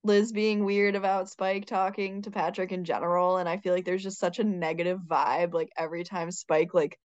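A woman's voice: lowish voice, level tone, moderate pace, no echo. A woman co-hosting a podcast, chatting in a playful, opinionated way. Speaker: podcast co-host. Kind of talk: casual chat. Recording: dry, dull lo-fi mic.

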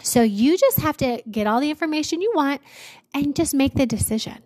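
A blunt, no-nonsense woman nurse, put on by a woman telling a story, speaks in a fairly high voice. She is direct and pushy but warm underneath, and she ends up encouraging. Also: expressive, brisk.

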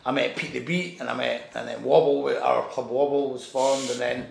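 This man's gravelly, mid-range voice holds a steady tone at normal speed, with a little hiss or hum in the recording, which is also echoey. In casual conversation he rambles through an anecdote, restarting, swearing, and acting out the other people's voices.

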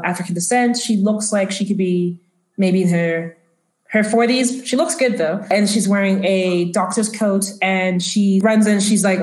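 A woman narrating as game master, talking loosely with lots of fillers. Her pitch is middling. The room around her rings with echo. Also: a little mellow. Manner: casual, filler-heavy narration. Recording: echoey room.

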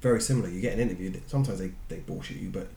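Fast-talking blunt man, roomy room. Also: sits low, gravelly, mellow. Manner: blunt, opinionated, swears. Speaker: podcast co-host. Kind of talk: casual chat. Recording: roomy room with faint noise.

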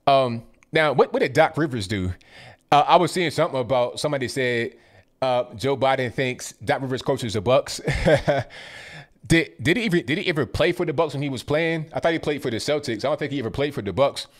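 A man's voice: mid-range voice, expressive, fairly quick. A man hosting a live commentary stream, talking bluntly and dismissively, rambling with frequent restarts. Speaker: livestream commentary host. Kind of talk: casual political commentary stream.

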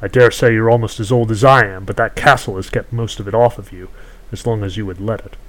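A man's voice: lowish voice, steady tone, quick pace, fairly bright tone, natural voice, low-quality recording. Man playing a cool, condescending sorceress; haggling storybook villain. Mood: scornful. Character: scheming ageless sorceress woman who trades in stolen youth.

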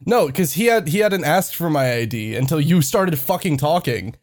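A man's voice: on the high side, animated, moderate pace. A young man in casual chat with friends, telling stories in a loose and profane way.

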